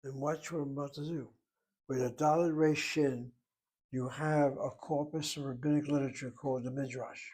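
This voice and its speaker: A man teaching Hebrew in a relaxed lecture, explaining terms patiently and asking rhetorical questions along the way. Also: mid-range voice, normal speed.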